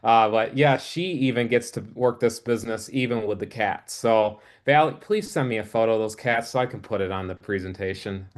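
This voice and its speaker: A man presenting a business opportunity on a casual group video call, halting and restarting his sentences. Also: lowish voice.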